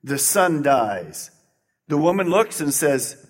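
Pastor, male, slightly high voice, dynamic preaching with loud peaks and quiet drops, long hall reverb. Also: very animated, a little slow, breathy edge. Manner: dynamic preaching, swinging between loud emphasis and quiet lows. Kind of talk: sermon.

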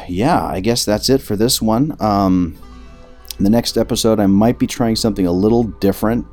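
A man with a low, deep voice talks casually to his listeners, rambling and poking fun at himself. Faint music sits quietly under his voice. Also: moderate pace. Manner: rambling, self-deprecating, jokey. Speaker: podcast host. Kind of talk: casual chat.

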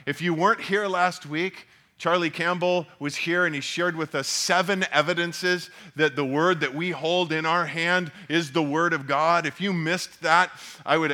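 A man's voice: a little high, bright, forceful tone. A man preaching a sermon as pastor, earnest and often repeating words as he builds a point.

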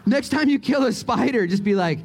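A man preaching from the pulpit with a notably high voice for a man. He's animated and playful, cracking jokes and getting excited as he tells stories to his congregation through a microphone. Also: a little fast, slight background noise. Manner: animated, joking, excitable storyteller. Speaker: pastor. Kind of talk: sermon. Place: church sanctuary.

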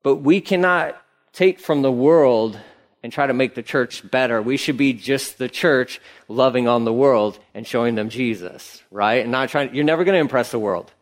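A man's voice: mid-range voice, moderate pace. A man preaching a sermon in a church, talking conversationally with playful asides. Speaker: pastor. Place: church sanctuary.

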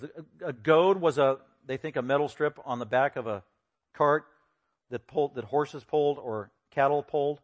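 A male pastor delivers a verse-by-verse sermon in a voice pitched a little high. He is animated and theatrical, slipping into the voices of the people he quotes and jumping to sudden loud bursts. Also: normal speed. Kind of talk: expository sermon.

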